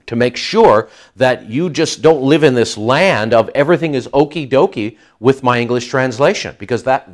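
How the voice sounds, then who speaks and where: A man preaching a sermon to his congregation, teaching from the Bible with emphatic, animated delivery and frequent restarts. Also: medium pitch. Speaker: pastor.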